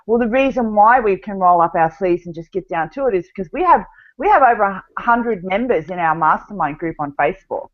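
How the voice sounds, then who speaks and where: A woman's voice: medium pitch, lively intonation, a little fast, lo-fi sound. A woman with an Australian accent, chatting animatedly as a podcast guest. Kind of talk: casual chat.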